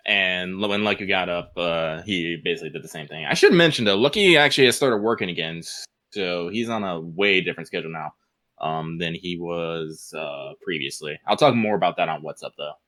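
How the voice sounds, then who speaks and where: A man co-hosting a podcast, chatting casually and reading out listener mail in an animated way, laughing often. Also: deep voice, fairly quick. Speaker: podcast co-host.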